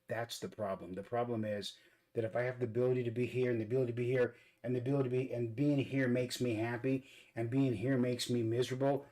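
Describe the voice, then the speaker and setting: An earnest man chats casually as he puts on makeup for his vlog. His voice sits at a middle pitch. He stops and restarts his phrases often, repeating words on the way. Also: darkish tone, rough recording. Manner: earnest, repeats words while searching for them. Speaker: vlog host. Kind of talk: casual talk while doing makeup.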